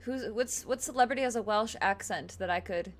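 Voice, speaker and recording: A woman from Michigan in casual chat, halting with many restarts and trailing phrases. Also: medium pitch. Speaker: co-host.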